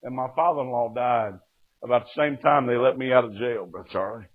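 Brisk and medium-pitched, this middle-aged man delivers a sermon testimony with passion, often interjecting "Amen." The audio sounds tinny and lo-fi, like a phone.

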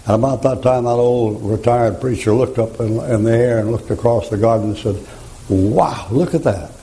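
A man's voice: medium pitch, normal speed, rough recording. An older man preaching a folksy sermon full of stories, chuckling as he talks. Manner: folksy storytelling, chuckling, rising to shouted rhymes.

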